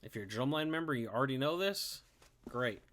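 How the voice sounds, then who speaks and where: A man in a mid-range voice teaching drum rhythms to students from home. He talks in an upbeat, chatty way, counts beats out loud and keeps checking in with "okay?". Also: mid-range voice, lively intonation, brisk. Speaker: music teacher. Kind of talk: online drum lesson. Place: home, recording to camera.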